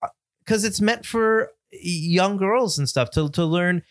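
A man's voice: sits high, unhurried. A man co-hosting a casual movie podcast, easygoing and good-humoured. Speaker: podcast co-host.

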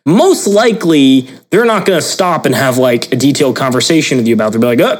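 A man's voice: mid-range voice, quick pace, hardly any pauses, poor audio. A young man co-hosting a podcast, chatting casually and acting out the people he quotes. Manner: animated, acts out quoted people in voices. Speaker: podcast co-host. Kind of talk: casual conversational chat.

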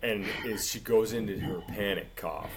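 A man co-hosting a casual podcast, telling a rambling story in an animated way and saying "dude" constantly. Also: on the low side, moderate pace, creaky, background noise. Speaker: podcast co-host.

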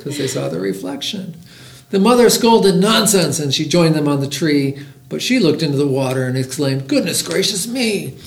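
A middle-aged man hosting a library podcast, reading a picture book aloud with lively voiced characters. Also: a little high, moderate pace, creaky, reverberant.

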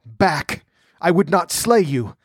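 A man's voice: a little high, fairly even intonation, a little slow, dry recording, clean studio sound, close to an everyday voice. A man voicing a fierce, wounded barbarian warrior king who gives urgent, gasping commands.

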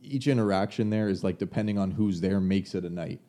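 A man's voice: low-pitched, brisk, dark tone. A man co-hosting a podcast in casual chat, laid-back and slangy, laughing easily. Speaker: podcast co-host.

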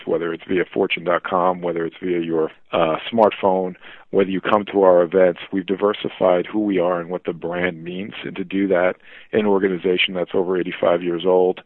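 A man's voice: deep voice, dry recording. A man telling stories as a podcast guest, enthusiastic and full of fillers and restarts. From New Jersey. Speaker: podcast guest, publishing executive. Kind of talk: conversational interview storytelling. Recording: dry, phone-like narrow line.

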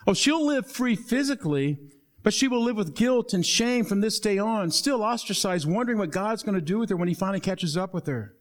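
Man, high voice, pastor preaching, animated storytelling with hushed low moments. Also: fairly quick. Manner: animated, acts out Bible dialogue, drops to soft low tones for emphasis. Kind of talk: sermon.

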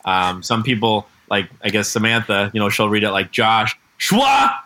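A man, a musician guest telling jokey, animated stories in a casual interview. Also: lowish voice, a little fast, very noisy.

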